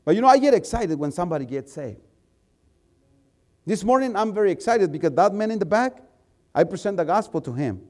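A male preacher and missionary telling a story in a sermon, animated and repeating words as he gets excited. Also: sits high, a little fast, long pauses.

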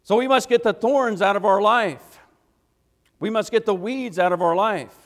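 This evening sermon comes from a preacher whose voice sits high and moves at a moderate pace. He's folksy and emphatic, slipping into "gotta" and "ain't," throwing out rhetorical questions and marking his points with "hey." The church sanctuary gives it a long, echoing reverb.

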